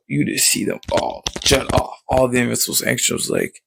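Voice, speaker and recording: A man giving a casual, excited recap of a show, rambling with plenty of fillers and sound-effect words. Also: mid-range voice, moderate pace, gravelly, few pauses, background noise. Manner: rambling, filler-heavy, leans on "basically" and "like".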